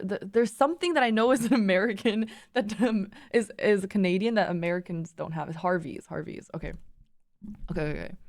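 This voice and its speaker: A woman's voice: mid-range voice, no room sound, clean studio sound. A young woman streamer reading a story aloud and breaking off into laughing, swearing, rambling asides. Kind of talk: reading fanfiction aloud with reactions.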